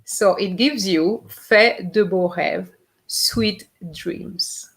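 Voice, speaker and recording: A woman's voice: mid-range voice, extremely slow, creaky. A woman teaching a live online language lesson, patiently repeating each phrase to model its pronunciation. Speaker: French teacher.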